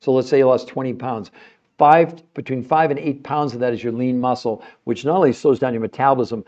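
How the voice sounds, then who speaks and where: A man's voice: mid-range voice, fairly even intonation, a little fast, a little mellow, dull audio. A man hosting a live-streamed podcast, passionate and emotional as he talks straight to his viewers and asks them questions. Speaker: podcast host.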